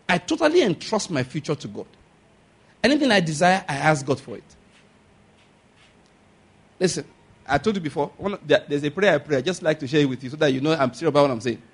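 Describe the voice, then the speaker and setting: Husky pastor preaching emphatically. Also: male voice, on the high side. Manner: emphatic, asks the congregation for amens. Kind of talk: sermon.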